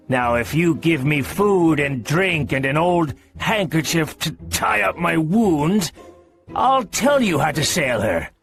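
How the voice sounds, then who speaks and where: A man doing a gruff wounded old pirate. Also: on the high side, fairly bright tone, voice pushed up, exaggerated voice. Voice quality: growling, drawling. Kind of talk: audiobook character voice.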